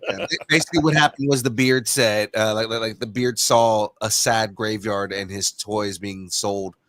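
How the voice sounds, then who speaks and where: A man co-hosting a casual podcast, talking in excited quick bursts. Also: lowish voice, dry recording. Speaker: podcast co-host.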